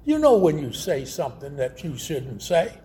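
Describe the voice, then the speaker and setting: Male preacher, high mellow voice, slow storytelling sermon. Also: sing-song.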